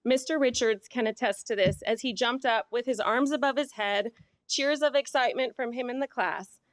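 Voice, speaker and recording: A woman teacher giving an award speech, warm and playful, coaxing a student along beside her. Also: fairly high pitch, moderate pace, dry recording. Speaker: teacher and sports leadership coordinator.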